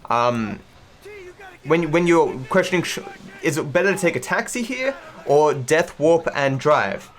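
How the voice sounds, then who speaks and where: Speaking a little slowly in an expressive, high-leaning voice, an Australian man with a mixed accent that doesn't sound typically Australian comments casually while gaming on stream. He rambles, uses many fillers and restarts, and swears freely.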